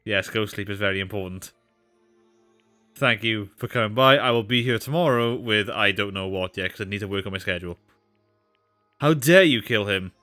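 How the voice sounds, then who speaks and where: A man's voice: on the low side, brisk, bright, forceful tone, no echo, faint music behind. A man streaming a game, chatting casually and reading the story narration aloud with mock drama. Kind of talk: casual gaming stream commentary.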